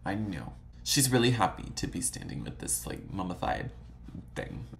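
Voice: low-pitched, sing-song, moderate pace, creaky. A vlog host chatting casually while browsing old photos, gushing and swearing freely, full of dramatic exclamations and "like" fillers.

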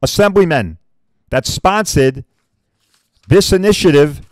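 A man's voice: a little high, expressive, measured pace, darkish tone, dry recording, studio quality. A man hosting a podcast, delivering a blunt, combative promotional rant with frequent "all right?" asides. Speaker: podcast host. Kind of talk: ranting promotional monologue.

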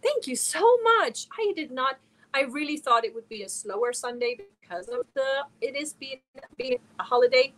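A woman's voice: high-pitched, big pitch swings, moderate pace. Woman chatting on a live stream. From Germany. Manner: reads chat messages aloud and answers viewers warmly one by one. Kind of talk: casual live stream chat.

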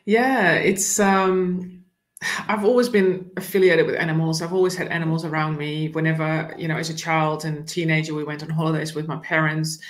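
A woman who is an animal communicator, telling her story in an interview, relaxed and full of "you know" asides. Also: deep voice, moderate pace.

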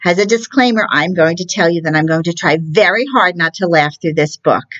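A woman's voice: on the low side, brisk, a bit bright, dull audio. A woman librarian reading a picture book aloud to children in a cheerful, playful way.

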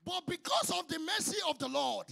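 A man leading a congregation in fervent, shouted prayer. He chants repeated calls to the Lord and drops to quieter exhortation between prayers. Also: extremely high pitch, very animated, brisk, gravelly. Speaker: prayer leader.

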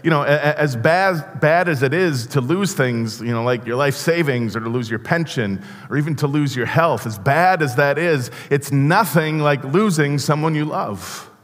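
A man preaching a sermon as pastor, earnest and halting, often restarting his words. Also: medium pitch, fairly bright tone. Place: church sanctuary. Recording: long church reverb.

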